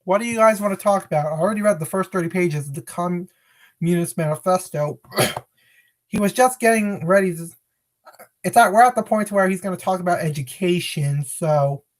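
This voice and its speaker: A woman's voice: fairly low pitch, normal speed, darkish tone. A woman casually chatting on a live stream, rambling, correcting herself, and greeting viewers by name.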